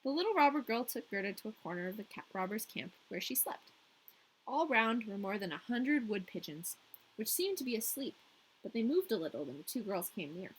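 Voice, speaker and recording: A woman's voice: mid-range voice, sing-song, a little fast, slight background noise, low-quality recording. A woman co-hosting a podcast, reading a fairy tale aloud in a casual way with playful, joking asides. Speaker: podcast co-host and story reader.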